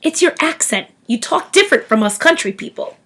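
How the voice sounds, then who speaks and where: A no-nonsense guardian who gives orders briskly and firmly, as a woman reading aloud voices her. Her voice sits fairly high and swings up and down a lot. Under the sternness she is caring. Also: animated, sharp tone, full character voice. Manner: brisk and commanding.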